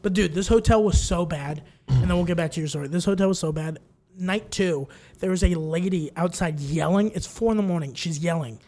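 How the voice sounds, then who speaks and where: A man's voice: on the high side, brisk. A young man co-hosting a podcast, telling a story in casual chat, acting out the people in it and laughing often. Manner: animated storyteller, acts out quoted voices, laughs often. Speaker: podcast co-host.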